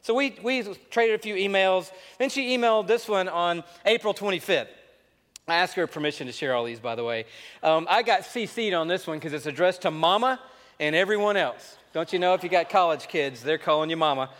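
A man preaches in a large church, telling a story with animated energy and reading a letter aloud. His voice sits on the higher side. The sound carries a long reverb from the hall. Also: a little fast. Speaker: pastor. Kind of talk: sermon.

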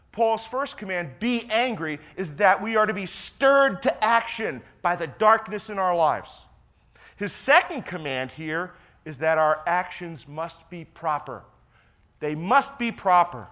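A man preaching a sermon as pastor, stressing key phrases by repeating them and dropping into quiet confessional asides. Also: sits high.

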